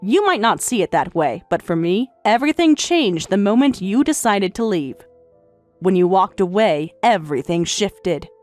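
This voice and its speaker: A woman voicing a middle-aged stepmother, speaking in a calm, detached and formal way. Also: medium pitch, moderate pace, soft background music, pitched below the performer's own voice, lightly acted. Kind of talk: story narration with voiced roles.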